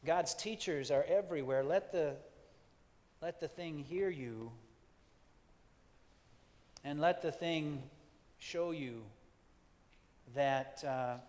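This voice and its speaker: A pastor, a man, leading a gentle, reflective sermon with playful asides. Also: on the high side. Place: church sanctuary. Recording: long hall reverb.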